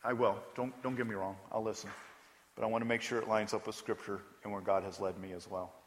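A man's voice: lowish voice, steady tone, quick pace, long reverb tail. A man preaching a sermon as pastor, speaking conversationally and with emphasis, often putting questions to the congregation.

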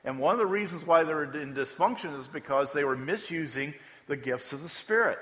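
Pastor, male, fairly high and bright voice, chatty sermon delivery with repeated emphasis, long hall reverb. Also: lively intonation, brisk, hardly any pauses. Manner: conversational preaching, repeats words for emphasis.

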